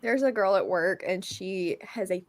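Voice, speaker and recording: A woman chatting casually with friends on a livestream, dry and quick to laugh. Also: mid-range voice, a little mellow. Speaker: readathon co-host. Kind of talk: casual group chat on a livestream.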